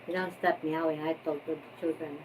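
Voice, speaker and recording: Off-mic female co-host, soft and low, short answers, faint hiss. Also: level tone, brisk.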